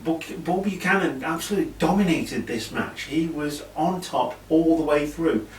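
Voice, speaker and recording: A man's voice: on the high side, moderate pace. Chatty British man, echoey distant mic. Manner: chatty, rambling with asides and fillers. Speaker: wrestling show reviewer. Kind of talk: casual recap of an old wrestling event. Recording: echoey room, mic at a distance, faint hiss.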